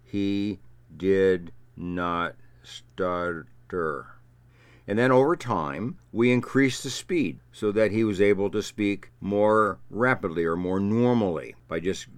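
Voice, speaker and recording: Speech therapist guy explaining stuff, kinda low voice, slow and repetitive, dry close sound. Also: dry recording. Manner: measured, repetitive, lecturing. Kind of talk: explanatory talk to camera.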